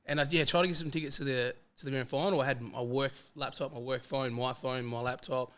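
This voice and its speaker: An Australian man rattles through his anecdotes at a quick clip as a podcast guest. He acts out every quoted line of dialogue in a mid-pitched voice. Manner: animated, fast-flowing anecdotes that act out quoted dialogue. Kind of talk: casual storytelling chat.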